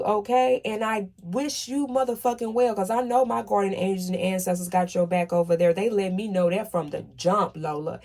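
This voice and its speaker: A woman's voice: medium pitch, a little mellow. A woman giving a casual tarot reading, talking emphatically and asking "okay?" after nearly every point. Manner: emphatic, repeats "okay?" often, swears when worked up. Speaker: tarot reader.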